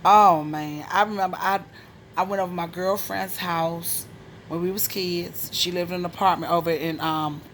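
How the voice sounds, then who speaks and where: A woman from Maryland casually telling a personal story, animated and frank with profanity, often dropping into a hushed whisper. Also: on the low side, moderate pace, slight background noise. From Maryland, USA.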